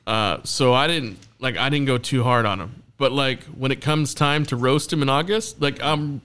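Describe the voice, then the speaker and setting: A man's voice: mid-range voice, normal speed, a bit bright, clear, resonant tone. A young man hosting a casual podcast chat, telling stories in a rambling, profane way, with many restarts. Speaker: podcast host.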